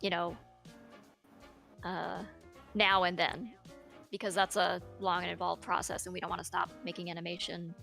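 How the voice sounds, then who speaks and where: Gravelly woman chatting unhurriedly on a stream. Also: lowish voice, level tone, fairly bright tone, faint music behind. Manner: unhurried, thinking aloud with fillers. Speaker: creator of an animated series. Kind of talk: casual livestream chat.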